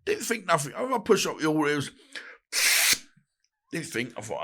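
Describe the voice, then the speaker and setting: A man's voice: on the high side, big pitch swings, a little fast, a bit bright, husky. A middle-aged man, a podcast guest telling rambling stories, laughing and swearing freely. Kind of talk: casual storytelling. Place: podcast studio.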